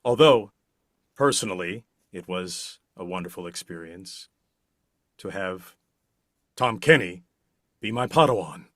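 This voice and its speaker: Slow, expressive deep-voiced man. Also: no echo, clean studio sound. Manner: slow, expressive, with big swells on key words. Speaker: interview guest, voice actor. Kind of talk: relaxed interview answers.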